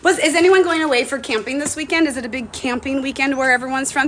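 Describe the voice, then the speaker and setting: A woman's voice: sits high, fast talker, hardly any pauses, a bit bright, a little hiss or hum. A woman in her forties chatting casually on a livestream from her phone, rambling and emotional, with casual swearing. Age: 40s. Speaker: livestream host. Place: home, stepping outdoors to a bird feeder.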